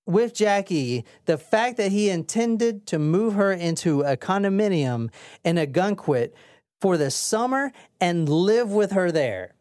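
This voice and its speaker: A man's voice: high-pitched, lively intonation, unhurried, few pauses, a little mellow, no echo, studio quality. A man hosting a casual true-crime podcast, reading out case notes and joking with his co-hosts. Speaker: podcast host.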